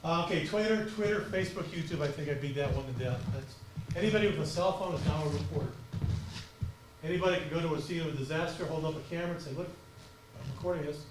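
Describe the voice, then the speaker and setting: A man giving a conference talk on crisis communications, speaking fast and passionately. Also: on the high side, background noise. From United States. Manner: fast, passionate, animated delivery. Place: auditorium. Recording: echoey auditorium from far off.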